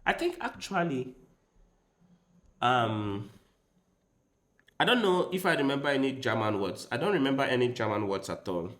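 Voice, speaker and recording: A man's voice: medium pitch, animated, moderate pace, long pauses, a bit bright. A man chatting casually with his livestream viewers, rambling and speaking straight to them. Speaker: chess streamer. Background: faint background music.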